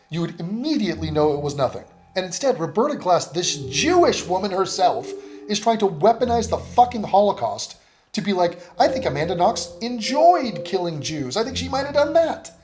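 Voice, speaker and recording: A man making heated reaction commentary, sarcastic and profane, with rapid-fire rhetorical questions. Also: sits high, darkish tone. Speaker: commentary YouTuber.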